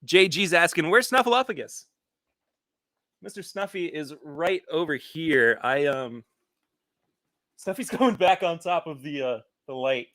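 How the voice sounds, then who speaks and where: A man chats casually as host of a live stream from his home studio, his voice bright and forward. He rambles and restarts his sentences as he goes, reading viewer comments aloud. The sound is dry, with the room barely heard. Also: a little high, no room sound. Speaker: podcast host.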